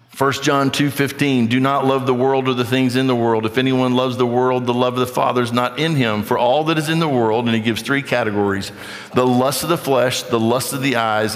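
A man preaching a sermon, emphatic and preacherly, reading scripture aloud to the congregation. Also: medium pitch. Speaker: pastor. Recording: long hall reverb.

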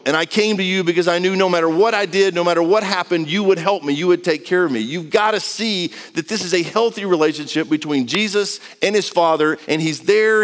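A man's voice: fairly high pitch, long reverb tail. A man preaching a sermon in a conversational, earnest way, acting out the quotes he reads. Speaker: pastor.

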